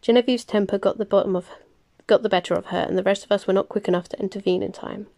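A woman voicing a deferential male vampire underling, apologetic and rough-voiced, in a storybook reading. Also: mid-range voice, steady tone, fast, warm tone, natural voice.

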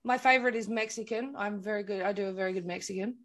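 A woman's voice: mid-range voice, quick pace, fairly bright tone. A woman hosting a podcast in playful, jokey casual chat.

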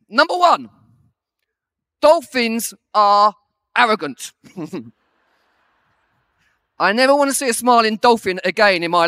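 A man giving a humorous sermon with a high, bright voice, laughing at himself as he tells a story. He sounds lively and animated, and the recording is dry and close. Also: no echo. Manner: animated, self-deprecating storytelling. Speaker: preacher.

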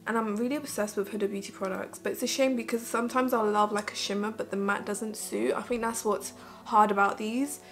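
A woman with a mid-range voice talks fairly quickly with fairly even intonation. In a chatty, meandering get-ready-with-me video, the beauty vlogger narrates her makeup for viewers and uses "like" over and over.

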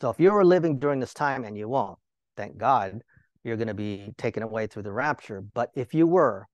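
A man's voice: medium pitch, expressive, a little fast, no room sound. Man teaching a sermon, dry sound. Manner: rhetorical questions to listeners; conversational, joking asides. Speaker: Bible teacher.

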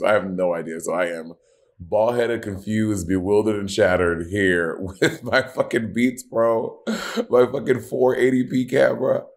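A man co-hosting a podcast in casual chat, complaining in an exasperated, dramatic way and laughing through it. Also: on the low side. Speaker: podcast co-host.

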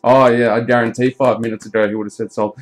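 A man opening trading card packs live, chatting casually, swearing often and bursting into excited shouts at big pulls. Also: mid-range voice, fast. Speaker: card break streamer.

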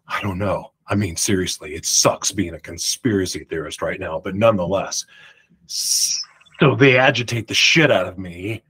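Husky man rambling through a story. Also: fairly low pitch, poor audio. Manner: rambling, animated, self-interrupting retelling. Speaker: host. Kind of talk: personal storytelling monologue.

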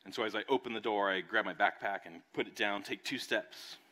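A man's voice: fairly low pitch, a little fast. A young adult man, a pastor preaching a sermon and telling a personal story, acting out voices along the way. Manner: animated storytelling, acts out voices. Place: church service.

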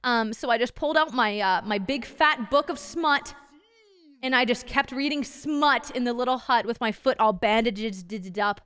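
A woman's voice: on the high side, moderate pace, fairly bright tone, smooth, dry recording. A young woman streamer telling a story to her chat in a casual way, swearing a lot, laughing often and playing up her own drama. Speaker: VTuber streamer.

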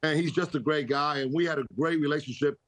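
A man's voice: on the high side, steady tone, quick pace, fairly bright tone, dry recording. An older man, a guest on a casual radio interview, talks in a rambling, self-correcting way and laughs easily. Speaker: guest, baseball executive.

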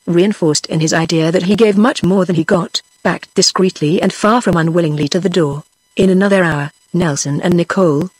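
Computer-voiced British female narrator, level and steady, slightly breathy, dry. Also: fairly low pitch, no echo. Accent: British English. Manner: even, steady synthetic reading, no acted character voices. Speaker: audiobook narrator. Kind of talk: text-to-speech audiobook reading.

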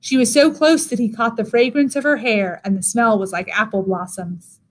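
Woman teacher narrating a fairy tale, slightly high voice, measured pace. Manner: measured, expressive. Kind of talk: reading a story aloud.

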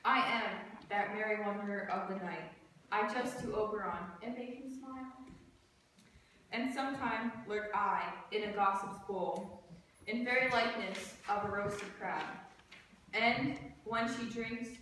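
A woman's voice: medium pitch, measured pace, fairly bright tone, natural voice. A young woman voicing a mischievous male sprite and reciting his verse in a classroom rehearsal. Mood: boastful. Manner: reciting verse lines with emphasis. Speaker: student actor. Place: school classroom. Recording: echoey room, far from mic, background noise.

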